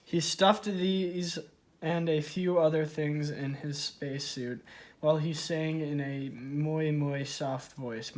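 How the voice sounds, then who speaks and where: A man's voice: a little high, steady tone, slow pace. A man reading a children's storybook aloud, stumbling and correcting himself. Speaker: story reader.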